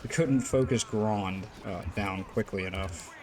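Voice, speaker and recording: A man's voice: fairly low pitch, unhurried, darkish tone, a little hiss or hum. A man giving casual, rambling gameplay commentary as host of a gaming channel, full of fillers and the odd curse. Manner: rambling, lots of fillers, occasional swearing.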